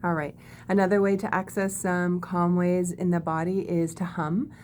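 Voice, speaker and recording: A woman teaching body-calming techniques in a gentle, demonstrative way, often checking in with "okay?". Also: lowish voice, moderate pace, a little hiss or hum. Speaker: wellness teacher. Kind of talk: guided body-calming lesson.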